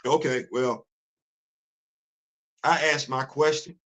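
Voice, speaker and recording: A man's voice: medium pitch, steady tone, takes it slowly, fairly bright tone. A man hosting a casual livestream, talking emphatically and repeating himself as he drives his points home. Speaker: host.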